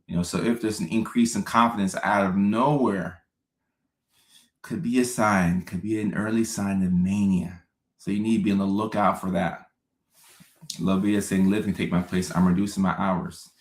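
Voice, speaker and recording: Deep-ish guy doing a laid-back livestream q&a, says things twice, echoey room. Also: steady tone, moderate pace. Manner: casual, repeats phrases for emphasis. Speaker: psychiatrist hosting a live stream. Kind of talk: live-stream Q&A, reading chat comments.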